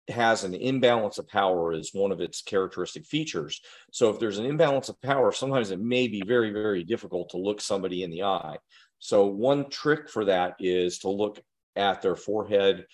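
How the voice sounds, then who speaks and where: A man giving an earnest, direct instructional talk to parents and educators, often putting questions to his listeners. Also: on the low side.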